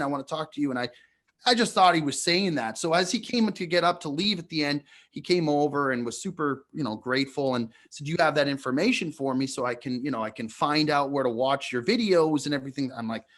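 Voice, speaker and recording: A man's voice: on the high side, fast talker, a bit bright. Man telling a long rambling story. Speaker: podcast co-host. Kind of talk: casual storytelling chat.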